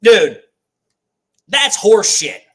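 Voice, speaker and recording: High-pitched ranting male fan commentator. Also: huge pitch swings, very slow. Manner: ranting, swears freely, repeats complaints. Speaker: fan watch-party host. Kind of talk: live play-by-play fan commentary.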